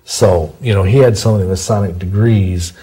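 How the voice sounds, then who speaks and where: A man with a very low, husky voice and a mellow, dark tone, answering questions in a long interview. He talks in a rambling, digressive way. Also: moderate pace, poor audio. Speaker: interview guest. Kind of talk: long-form interview, storytelling.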